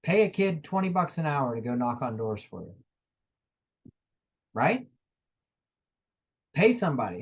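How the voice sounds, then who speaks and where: A man in his thirties giving a motivational sales training talk, energetic and acting out sales dialogues. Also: medium pitch, a little slow, long pauses, husky.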